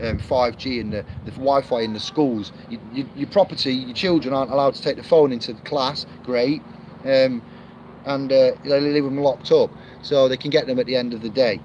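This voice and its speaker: A man rambling casually to camera, reviewing a book, with lots of fillers and restarts. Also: medium pitch. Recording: muffled lo-fi audio with clear street noise.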